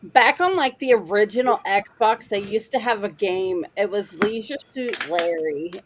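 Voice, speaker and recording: A woman's voice: medium pitch, a little slow, background noise. A woman on a casual gaming chat who tells rambling stories full of "like". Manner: rambling storyteller, many "like" fillers.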